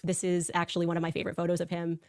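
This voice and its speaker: Woman, low voice, rapid lively storytelling, dry close sound. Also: no echo. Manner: fast, animated storytelling with acted quotes. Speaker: political commentator. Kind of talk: personal storytelling on a show.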